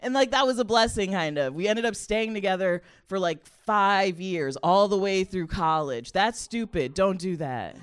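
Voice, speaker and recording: A young adult woman comedian telling a personal story in a chatty, animated way, laughing often and using a lot of "like" fillers. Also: medium pitch, normal speed, hardly any pauses, clear, resonant tone.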